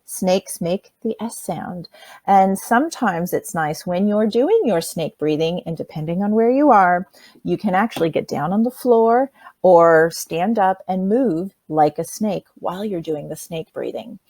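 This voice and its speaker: A woman calmly teaching children simple breathing steps in a workshop lesson, speaking plainly and straight to them. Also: on the low side, a little slow, no room sound. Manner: demonstrates by breathing sounds.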